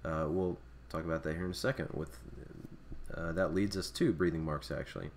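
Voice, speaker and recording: A man's voice: rumbling low, steady tone, brisk, slight background noise. A man teaching a recorded Greek alphabet lesson, explaining off the cuff with many fillers and restarts. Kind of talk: screen-recorded language lesson.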